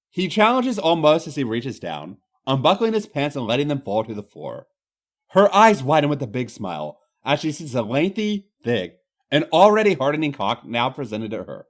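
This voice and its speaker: Man reading with wildly swooping pitch. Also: big pitch swings, normal speed. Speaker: host reading fan fiction aloud. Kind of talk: comedic dramatic reading.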